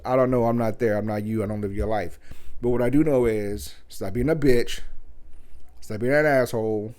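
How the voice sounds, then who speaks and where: A man's voice: medium pitch, mellow. A man hosting his own show, giving a blunt, crude and sarcastic comedic rant. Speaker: podcast host.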